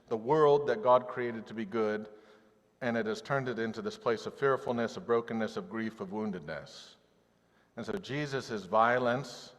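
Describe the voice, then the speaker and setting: A man preaching a sermon in a conversational, animated way, acting out quoted voices. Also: mid-range voice, long reverb tail. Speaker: pastor. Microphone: video call audio.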